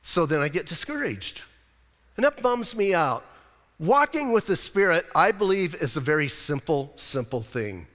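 A man with a fairly high, fairly bright voice preaches a conversational sermon to his congregation, his pitch swinging widely at a moderate pace. As a pastor he is plainspoken, casual, and self-deprecating, and the church hall adds a long reverb.

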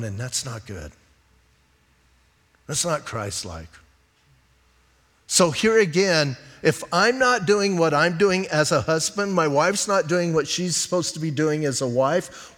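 A man's voice: a little high, fairly bright tone. A middle-aged male pastor preaching a conversational sermon, mixing jokes and stories with teaching. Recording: long hall reverb.

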